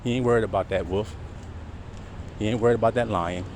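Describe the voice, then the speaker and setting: A man's voice: fairly low pitch, fairly even intonation, brisk. A man preaching a sermon outdoors, talking to his listeners with many rhetorical questions. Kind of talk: street-side sermon. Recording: outdoor traffic noise.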